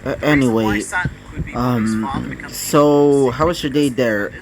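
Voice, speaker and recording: A man's voice: medium pitch, slow, a crowd in the background, pitched below the performer's own voice, lightly acted, rough recording. A man voicing a shy, flustered teenage boy hero in a storybook reading. He stammers and hesitates constantly.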